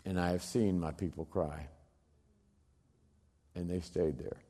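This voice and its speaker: Middle-aged guy telling a story, loud bursts then real quiet bits, very dramatic. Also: steady tone, unhurried. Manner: emphatic, swings from loud bursts to hushed low lines. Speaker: speaker telling a personal story.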